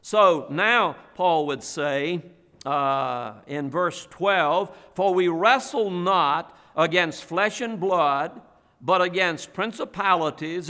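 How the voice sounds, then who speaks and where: A male pastor preaching a sermon in a church, with slow, emphatic delivery and repeated phrases. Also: fairly high pitch, sharp tone. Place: church sanctuary. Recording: long hall reverb.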